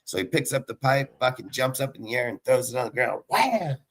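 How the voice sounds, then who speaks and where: A young man telling a story in casual chat, swearing constantly and loudly acting out the sounds. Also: medium pitch, fast talker. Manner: profane, animated, mimics sounds loudly. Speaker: podcast co-host.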